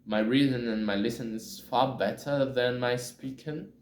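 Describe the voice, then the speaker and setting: A man learning English, talking in a hesitant, halting way and often correcting himself as he chats casually on camera. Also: medium pitch, steady tone, darkish tone, slight background noise. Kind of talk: casual spoken monologue. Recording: echoey room.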